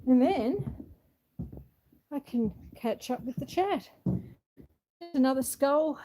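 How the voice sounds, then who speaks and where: A woman's voice: high voice, lively intonation, takes it slowly, mellow, a little hiss or hum, rough recording. A woman hosting a casual live stream on her property, a bit out of breath, chatting and reading out viewer comments. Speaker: homestead livestream host. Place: outdoors on a rural property. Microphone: phone held for live stream.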